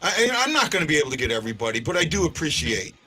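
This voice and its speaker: Male fan-show host, bright and slightly high voice, loose rambling delivery with restarts. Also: big pitch swings, rapid-fire, breathy edge. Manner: rambling, repeats himself and restarts. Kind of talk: casual live-stream chat.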